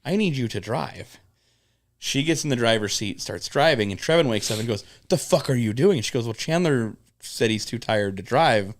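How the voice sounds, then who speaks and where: Young man, casual podcast storyteller, lively pitch swings, swears a lot. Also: moderate pace. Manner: animated storyteller, swears freely, acts out quotes. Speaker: podcast co-host.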